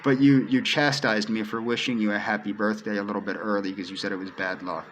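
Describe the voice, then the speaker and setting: A man's voice: on the low side, steady tone, fast talker, fairly bright tone, slight background noise, rough recording. A man giving an earnest personal monologue to camera, pleading and repeating himself as he addresses one person directly. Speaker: video creator.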